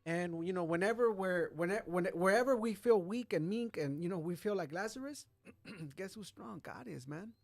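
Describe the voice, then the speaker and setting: A man's voice: high-pitched, moderate pace. A man co-hosting a casual chat, chiming in with encouraging remarks and affirmations.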